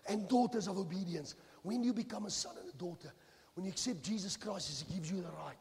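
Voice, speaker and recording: A man with a South African accent preaching a sermon in a church. He swings between hushed phrases and shouting, with Afrikaans phrases mixed into his English. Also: sits high, brisk. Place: large church hall. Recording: church hall with long reverb.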